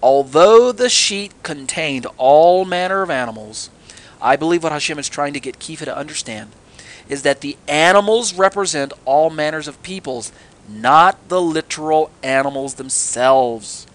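A man's voice: fairly high pitch, expressive, normal speed. A middle-aged man teaching a sermon on scripture, earnest and fond of rhetorical questions and sarcastic asides. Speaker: Bible teacher.

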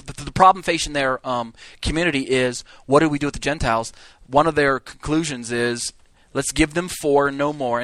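A man teaching a Bible class, lecturing in an animated way, acting out quotes and often restarting his sentences. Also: on the high side, dry recording.

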